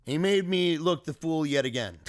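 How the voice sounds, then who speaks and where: A man's voice: a little high, animated, a little slow, no room sound, studio quality. A man speaking earnestly and emotionally in a personal video diary, recounting a family emergency as a father. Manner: earnest, emotional, reflective storytelling.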